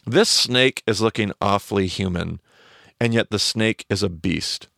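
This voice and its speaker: A man's voice: lowish voice, unhurried, creaky, pushed and bright, no room sound, clean studio sound. A man teaching on a podcast, explaining a story and quizzing his cohost with questions.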